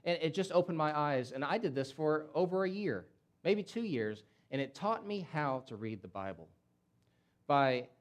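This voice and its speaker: A man preaching a sermon, emphatic and repetitive, with rhetorical questions and swings between loud surges and near-hushed lines. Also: animated, moderate pace. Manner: impassioned, surges loud and high, then drops to near-hush. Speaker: pastor.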